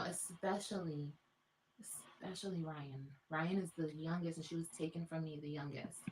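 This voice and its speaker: A woman's voice: lowish voice, a little hiss or hum. A woman talking live to her viewers, repeating herself and sinking to a near-whisper, often tearful. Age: adult. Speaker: livestream host. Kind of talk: emotional livestream talk.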